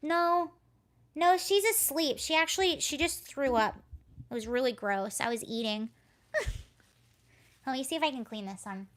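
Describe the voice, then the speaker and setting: A woman's voice: sits high, expressive, measured pace, pauses often, a bit bright. A woman hosting a live stream from home, rambling casually, telling a story and reading comments from chat. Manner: chatty, rambling, reads chat aloud. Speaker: livestream host.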